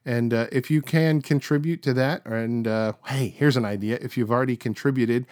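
A man's voice: mid-range voice, fairly even intonation, moderate pace, darkish tone, dry recording, studio quality. A middle-aged man hosting a podcast, telling stories in a chatty way full of fillers and restarts. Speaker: podcast host. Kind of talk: casual storytelling.

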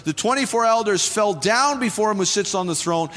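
A man's voice: high-pitched, expressive, brisk, fairly bright tone. Impassioned man preaching in a reverberant hall. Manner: impassioned, rising to fervent calls to the congregation. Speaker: pastor. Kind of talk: sermon. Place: church sanctuary. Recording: long hall reverb with faint music.

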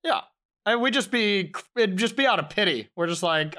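A young man with a high, bright voice co-hosts a casual podcast. His tone is clean and crisp as he reads out names and trades dry jokes with his friends. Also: animated, moderate pace. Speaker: podcast co-host. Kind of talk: casual banter.

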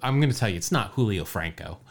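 A podcast co-host with a fairly low voice talks animatedly and quickly in a casual baseball history chat. He's an easygoing storyteller who laughs a lot and tells his stories with asides.

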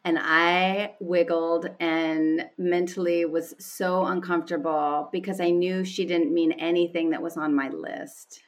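A woman's voice: lowish voice, little pitch movement, a little slow, hardly any pauses. A woman guest speaking candidly and with animation, telling personal stories in conversation and laughing often. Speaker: podcast guest.

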